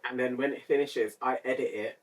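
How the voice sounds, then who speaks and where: A woman co-hosting a podcast in casual chat, lively and quick to laugh. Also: extremely low pitch, far from the mic. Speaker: podcast co-host.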